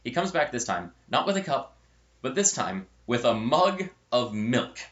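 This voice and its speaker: A chatty young adult man, a storyteller and channel host, shares a story in a casual vlog, rambling and correcting himself. His mid-range voice swings widely in pitch, unhurried and fairly bright, on lo-fi audio.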